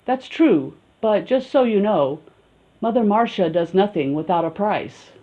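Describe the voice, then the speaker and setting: A woman putting on a shrill old voodoo witch. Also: expressive, a little slow, dark tone, low-quality recording. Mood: sly. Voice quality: high-pitched, cackling.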